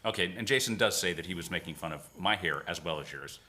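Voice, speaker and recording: A man with a low but bright, forward voice, co-hosting a casual live stream. He reads out viewer questions and trades wry, teasing jokes. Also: quick pace. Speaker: co-host reading chat questions.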